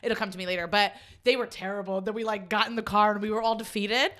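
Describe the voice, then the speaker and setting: Fast bright-voiced woman comedian. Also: mid-range voice. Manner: animated, laughs often, swears. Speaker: comedian guest. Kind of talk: casual chat.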